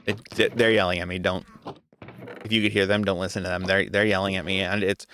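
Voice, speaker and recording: A man's voice: sits low, little pitch movement, quick pace, fairly bright tone, a little hiss or hum. A young adult man giving casual gameplay commentary, talking to himself in an exasperated, joking way. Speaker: gaming video creator.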